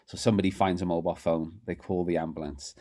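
A man telling rapid, animated anecdotes as a podcast guest, often restarting his sentences. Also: low voice. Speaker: guest, rugby writer. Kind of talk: casual storytelling interview.

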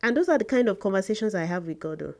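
A woman in her thirties hosts a faith podcast, her medium-pitched voice expressive. She speaks earnestly and slowly, repeating words for emphasis.

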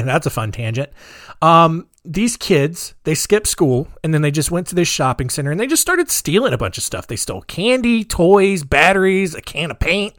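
Male host in his thirties, chatty and sardonic, very expressive pitch, dry booth sound. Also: no echo. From United States. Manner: rambling, chatty, dark sarcastic humor. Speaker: podcast host. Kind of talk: casual podcast monologue.

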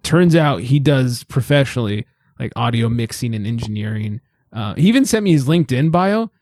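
A man's voice: medium pitch, lively intonation, moderate pace, a little mellow, no room sound, clean studio sound. A man hosting a podcast in casual chat, laid-back and joking, swearing casually. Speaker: podcast host.

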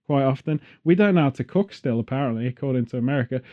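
A man's voice: medium pitch, fast talker, narrow, tinny audio. An English man from England hosting a casual chat, full of sarcastic, joking rants.

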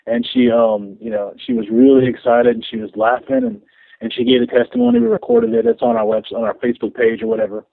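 A man, a guest minister, telling a story over the phone in an animated way, repeating his words and laughing as he goes. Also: medium pitch, fast talker, gravelly, no room sound. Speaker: podcast guest, street minister. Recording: tinny phone line.

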